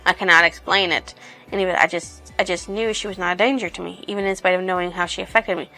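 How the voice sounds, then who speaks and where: A woman's voice: fairly low pitch, steady tone, fast, bright, forceful tone, faint music behind, low-quality recording. A woman voicing a brooding male earth demon enforcer in a retold story.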